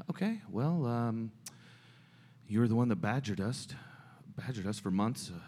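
Lively, husky man coaxing in a sketch. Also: medium pitch, a little slow, long reverb tail. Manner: coaxing, deadpan. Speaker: improv performer. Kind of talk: improvised comedy sketch.

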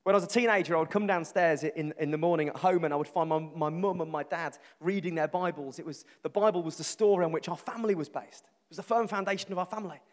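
A middle-aged man preaches a sermon in a fairly high voice. He talks earnest and emphatic, stacking lists and repeating phrases, and a long reverb from a large hall trails every line. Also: quick pace, hardly any pauses.

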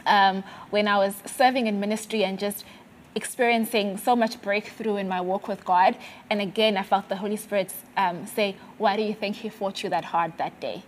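A woman from South Africa sharing a personal faith testimony in conversation, earnest and halting with many fillers and restarts. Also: mid-range voice, fairly even intonation, slight background noise.

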